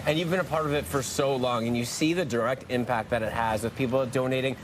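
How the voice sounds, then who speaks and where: A man's voice: mid-range voice, fairly even intonation, background noise. A man hosting a live morning-show interview with an enthusiastic manner. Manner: enthusiastic, rapid, warm-hearted prompting.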